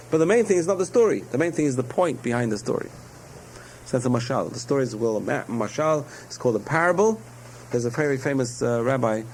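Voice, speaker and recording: A man's voice: mid-range voice, darkish tone, low-quality recording. Man, rabbi's class, story-driven lesson, wandering, self-correcting, faint background hum. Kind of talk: spoken Torah lesson.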